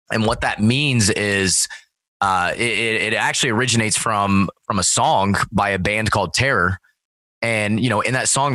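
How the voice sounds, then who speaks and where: Profane man telling a story, bright dry sound. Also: on the low side, no room sound. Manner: profane, storytelling, acts out quoted voices loudly. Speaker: guest. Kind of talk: casual chat.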